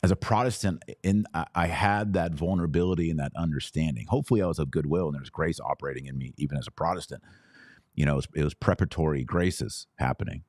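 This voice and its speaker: A man with a very low, deep voice hosts a podcast in a dry, close-sounding room. He talks in an earnest, personal way and leans hard on points he cares about. He sounds like a man in his forties. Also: fast, darkish tone, no echo. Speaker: podcast host. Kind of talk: casual commentary podcast.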